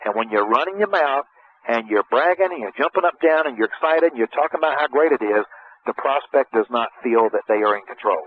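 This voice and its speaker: A middle-aged man coaching on sales in a folksy, animated way, often acting out dialogue. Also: mid-range voice, fairly quick. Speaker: sales trainer. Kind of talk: conversational coaching talk. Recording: tinny phone-line sound with faint hiss.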